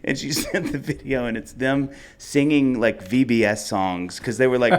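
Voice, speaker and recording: A man's voice: mid-range voice, expressive, measured pace. A man, co-hosting a live podcast and telling a rambling, self-mocking comic story. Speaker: podcast co-host. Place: outdoor festival stage.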